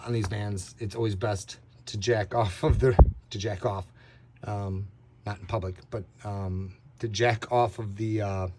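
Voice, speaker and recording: A man with a fairly low voice hosts a DIY car repair video, and slight background noise can be heard. He walks through the job casually, rambling with plenty of ums and laughing at his crude jokes, picked up by a camera mic beside a van.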